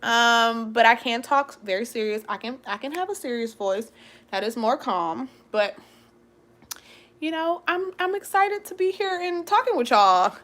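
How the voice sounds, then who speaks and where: Bright, expressive young woman vlogger. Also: fairly high pitch, a little slow. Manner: expressive and loud; giggly, laughs often. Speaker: vlog host. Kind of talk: live casual chat with viewers.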